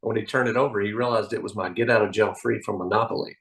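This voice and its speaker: A man being interviewed as a magician, telling anecdotes in an animated, storytelling way. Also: fairly low pitch, rapid-fire, gravelly, low-quality recording. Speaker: magician guest.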